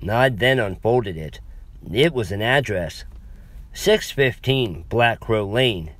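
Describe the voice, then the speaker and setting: A man's voice: lowish voice, expressive, slow pace, no room sound. A man narrating a first-person story in a wry, conversational way with asides to the listener.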